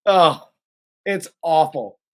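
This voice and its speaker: Host recapping a film, profane and animated. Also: mid-range voice, extremely slow. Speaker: podcast host. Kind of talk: casual film recap and review.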